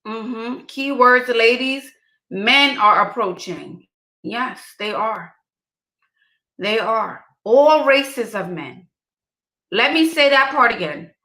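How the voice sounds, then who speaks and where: Slow, bright-voiced woman giving dating advice. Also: a little high, lively intonation. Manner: emphatic, repeats key phrases, talks to viewers as chat. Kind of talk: casual direct-to-camera advice. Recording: roomy echo.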